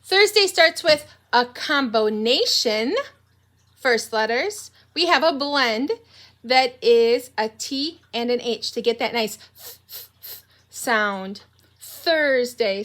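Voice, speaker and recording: A young woman leads a preschool morning meeting in a high, bright voice, speaking slowly and clearly to small children. She is gentle and sing-song, with a teacher's patient rhythm. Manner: slow, gentle and sing-song, breaking into cheerful songs. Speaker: pre-K teacher.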